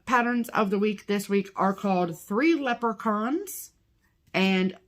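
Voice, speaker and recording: A woman co-hosting a stitching show in a relaxed, chatty manner. She runs through promotions with an upbeat tone and lots of ums and uhs, at an ordinary pitch. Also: slow. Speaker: podcast co-host. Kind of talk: casual chat.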